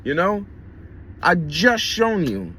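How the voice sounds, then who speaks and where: A man's voice: high-pitched, sing-song, slow, sharp tone, a little hiss or hum, full character voice. A man voicing a fed-up, scolding God. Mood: exasperated. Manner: blunt, fed-up, slangy. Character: exasperated God scolding an ungrateful believer.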